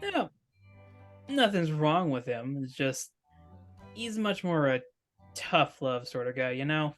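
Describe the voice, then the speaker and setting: A man's voice: a little high, sing-song, takes it slowly, faint music behind. A man voicing an awkward teenage boy superhero in a tabletop role-play, hesitant and stammering with a wry edge. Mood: wary.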